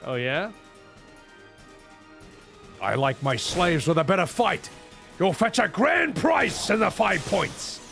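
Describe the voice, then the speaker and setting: Guy voicing a gloating slaver captain, taunting, slow gravelly delivery, game dub. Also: high voice, big pitch swings, fairly bright tone, faint music behind, exaggerated voice. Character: greedy smug male slaver captain.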